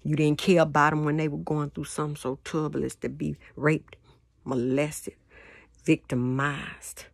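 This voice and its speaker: A woman's voice: low voice, level tone, moderate pace, creaky, no echo, studio quality. A woman giving a rambling spoken monologue, repeating words and asking questions, often dropping to a whisper. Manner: repetitive, questioning, drops to whispers. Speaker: vlogger.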